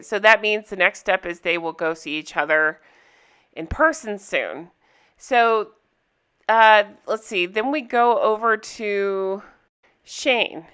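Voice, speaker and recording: A woman's voice: mid-range voice, pushed and bright, smooth. A woman recapping a reality TV episode for her viewers in casual chat, candid and chatty, laughing often.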